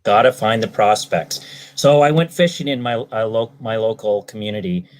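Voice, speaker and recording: A man's voice: lowish voice, normal speed. A man from British Columbia, a salesman, answering interview questions in a rambling way with many ums and restarts. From British Columbia, Canada. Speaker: guest, salesman.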